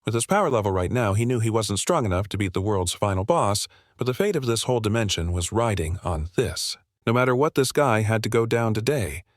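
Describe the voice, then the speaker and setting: A man's voice: on the low side, lively intonation, a little fast, few pauses, no echo, studio quality. A man narrating a comic recap in a casual, slangy, breezy way.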